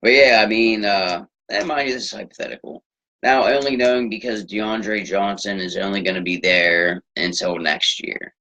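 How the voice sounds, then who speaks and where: A man's voice: fairly low pitch, fairly even intonation, moderate pace, pushed and bright. A man hosting his own sports talk show, ranting in a rambling, profane way with lots of fillers. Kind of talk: solo sports rant. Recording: dull lo-fi recording.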